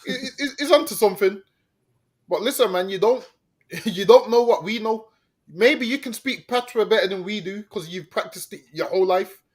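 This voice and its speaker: A man's voice: sits high, moderate pace. A man co-hosting a podcast in casual chat, mocking and slangy, often laughing and tagging lines with "man". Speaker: podcast co-host.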